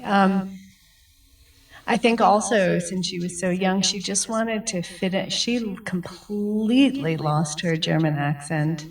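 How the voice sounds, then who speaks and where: A middle-aged woman speaks slowly and reflectively about her family. Her voice sits at a middle pitch and comes from well away from the mic. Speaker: survivor's daughter. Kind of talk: personal account to students. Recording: distant mic.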